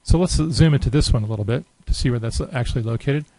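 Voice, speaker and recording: In this casual screen-recorded demo, a man explains software off the cuff, musing aloud with plenty of filler words. His mid-range voice moves fast, with no echo and poor audio quality.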